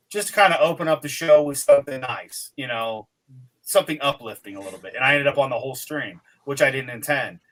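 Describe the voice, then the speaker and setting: Forties guy, bright forceful voice, rambly casual chat, kinda worn out. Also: medium pitch. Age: 40s. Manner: rambling, full of fillers and restarts. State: tired, recovering from illness. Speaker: podcast co-host.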